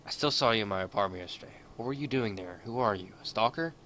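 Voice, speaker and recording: A man voicing a sharp, suspicious young woman basketball player in a game playthrough, speaking in an accusing, questioning way. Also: on the low side, animated, fast, a little hiss or hum.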